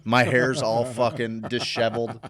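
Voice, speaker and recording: A man's voice: mid-range voice, flat delivery, moderate pace, crowd noise. A man with a Midwestern American accent telling a long, profane, rambling story as host of a casual live show.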